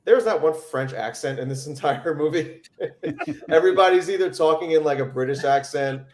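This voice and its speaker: A man's voice: fairly high pitch, normal speed, darkish tone. Casting: male podcast host, loose rambling delivery, echoey room sound. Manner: rambling, many fillers. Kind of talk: casual chat.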